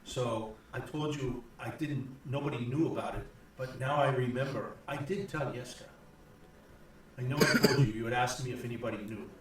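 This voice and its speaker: Kindly old village priest, as a game master voices him, earnest, halting, echoey distant room. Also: male voice, mid-range voice, close to an everyday voice.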